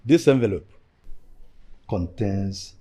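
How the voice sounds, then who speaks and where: A Nigerian actor with an older man's voice playing a rich, generous father who speaks in a measured, speechmaking way. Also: lowish voice, lively intonation, mellow. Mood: proud. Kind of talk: film drama acting.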